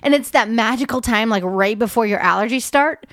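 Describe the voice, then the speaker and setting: A young woman co-hosts a podcast in an easy, chatty way, her voice fairly high and often breaking into laughter. The sound is close and dry, with no room around it. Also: fairly quick, fairly bright tone, dry recording. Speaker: podcast co-host. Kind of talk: casual chat.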